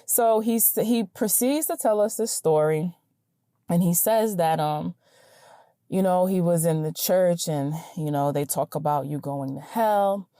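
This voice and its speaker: A woman podcast host telling a story in an animated, chatty way, acting out the dialogue. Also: lowish voice, a little slow, smooth, dry recording, clean studio sound. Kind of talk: casual storytelling.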